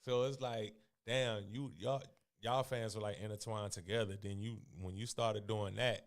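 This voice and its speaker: A man's voice: fairly low pitch, steady tone, normal speed. A man hosting a casual interview, easygoing, laughing along and chiming in with short agreeing replies. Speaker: host. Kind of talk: casual chat.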